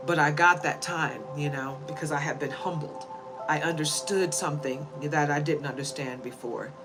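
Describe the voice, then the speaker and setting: Over background music, a spiritual reader delivers a casual, heartfelt monologue, meandering earnestly and often asking "you know?" Her voice is lowish and a little bright. The audio quality is poor.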